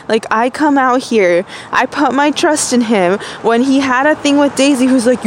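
A young woman in a personal voice diary, miserable and rambling, halting with many fillers and restarts. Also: a little high, slight background noise.

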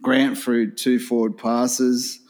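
A man's voice: medium pitch, level tone, slow, a little mellow. A man chatting casually about sport as a podcast co-host, laughing often and swearing freely.

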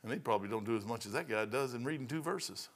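A man pastor preaching a sermon in a church, emphatic, swinging between loud declarations and quiet, dropped lines. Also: mid-range voice, animated, quick pace.

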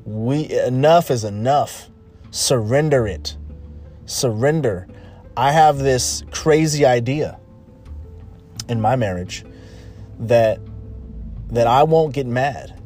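A man's voice: medium pitch, slow pace, pauses often, a little mellow, faint music behind. A man hosting a podcast, talking casually and emphatically, repeating phrases and restarting sentences. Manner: repetitive, emphatic, rambling with restarts. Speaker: podcast host. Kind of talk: casual motivational monologue.

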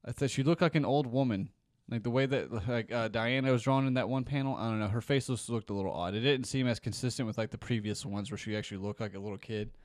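A man co-hosting a casual podcast, recapping a comic in a relaxed, hesitant way with many fillers. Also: mid-range voice, fast, no echo, studio quality. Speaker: podcast co-host.

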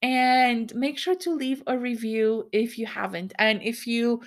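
A woman's voice: a little high, fairly even intonation, a little slow. A woman in her thirties hosting a solo podcast, talking candidly and in a rambling way, often laughing as she speaks. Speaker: podcast host.

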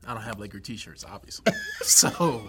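A man's voice: fairly low pitch, animated, normal speed, sharp tone, a little hiss or hum. A man trading laid-back, dry jokes as a comedian guest on a game show. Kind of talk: casual comedic banter.

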